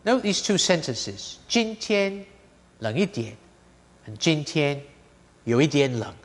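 A man with a slightly high, very lively voice teaches grammar at an unhurried, deliberate pace. His words trail off into a long reverb. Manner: slow, deliberate explanations with spoken example sentences. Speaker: Chinese language teacher. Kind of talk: grammar lesson.

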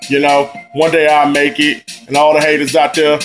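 A man's voice: fairly high pitch, completely flat delivery, moderate pace, over music. Chill slangy dude talking up his own rap track, beat going behind him. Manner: laid-back and slangy, loose drawling talk. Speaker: amateur rapper introducing his own track. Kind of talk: casual spoken intro and outro to a rap video.

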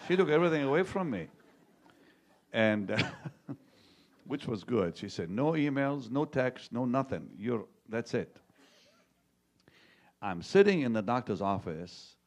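Pastor in his sixties, low-voiced man, tells sermon stories in a chatty way, from loud jokes to near-whispers. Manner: conversational storytelling, swings from loud jokes to hushed tones.

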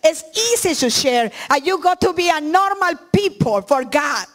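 A middle-aged woman pastor, not a native English speaker, preaching a sermon in earnest, halting English with frequent restarts. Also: high voice, lively intonation.

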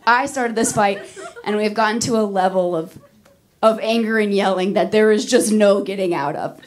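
A woman's voice: medium pitch, normal speed. A woman in her thirties doing a stand-up comedy set, brash and profane, telling stories with big energy. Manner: brash, profane, animated storytelling. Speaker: stand-up comic. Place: comedy club stage.

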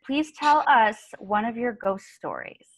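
A woman interviews her guest in a calm, polite manner. Her voice sits a touch higher than most women's, and she keeps her questions unhurried. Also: rough recording.

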